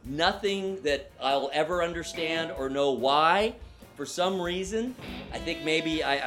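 A middle-aged man from Ohio telling a vivid personal story as a guest, with dramatic rises in pitch and loudness. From Ohio, USA.

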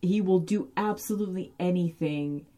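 Woman, low and warm tone, casual episode-recap chatter, animated and loose. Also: moderate pace. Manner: chatty and animated, heavy fillers and occasional swearing. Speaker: podcast host recapping a TV episode. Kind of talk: casual chat.

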